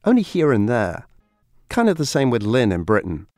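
An American man hosting a radio feature, with a wry, conversational delivery and a lively, up-and-down pitch. A faint bed of music plays under his voice. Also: normal speed, no room sound, studio quality. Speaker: radio host and reporter.

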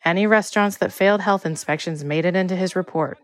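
A woman's voice: fairly low pitch, quick pace. A woman from Texas with a slight Texan accent, narrating a radio feature in a personal, reflective way. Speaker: reporter and narrator. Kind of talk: scripted narration.

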